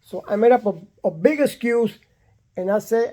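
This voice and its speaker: Blunt older Puerto Rican man, dark voice. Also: sits high, normal speed. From Puerto Rico. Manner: blunt, animated, repeats himself, acts out quotes. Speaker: storyteller. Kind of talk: casual personal storytelling.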